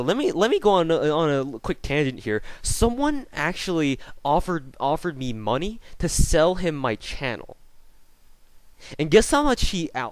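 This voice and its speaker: Young male vlogger, furious profane sarcastic rant, very animated pitch, close dry recording. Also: no room sound. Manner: angry, profane, sarcastic ranting. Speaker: YouTuber. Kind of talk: ranting vlog commentary. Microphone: off-camera voice recording.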